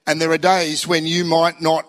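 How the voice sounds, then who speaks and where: An older man preaching a sermon as pastor, animated, acting out inner voices and a song leader. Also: a little high, normal speed. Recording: long hall reverb.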